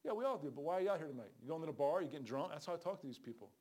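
A middle-aged male street preacher with a high voice. He preaches with fervor, calls out for amens and acts out the people he meets on the street. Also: expressive, racing, darkish tone. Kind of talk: sermon.

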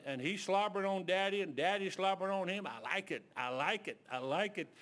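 Animated preacher, slightly high voice. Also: male voice, fairly quick. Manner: animated, acts out the voices in his stories; folksy, with restarts and filler words. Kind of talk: storytelling sermon.

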